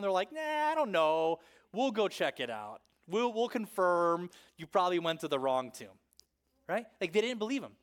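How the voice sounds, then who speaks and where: Male pastor with a high voice, chatty sermon delivery, keeps tagging lines with "right?", dips to a near-whisper for emphasis. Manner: conversational preaching, frequent "right?" asides, dramatic swings from loud to hushed.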